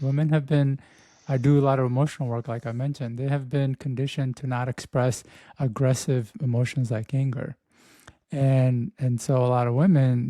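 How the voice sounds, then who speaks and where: A man who is a guest on a podcast, explaining his view in a measured way. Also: mid-range voice, warm tone, no room sound. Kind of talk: casual podcast conversation.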